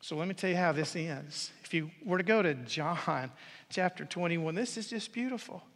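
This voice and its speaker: A man preaching a sermon as a pastor in a church, swinging between loud declarations and hushed whispers. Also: fairly high pitch, expressive, normal speed. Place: church sanctuary. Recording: long reverb of a large hall.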